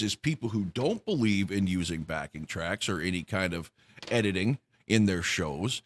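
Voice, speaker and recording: A man's voice: mid-range voice, a bit bright. A man hosting a rock music news show, ranting with heavy swearing and mocking quotes. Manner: profane, heated ranting with mocking put-on quotes. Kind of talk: ranting commentary.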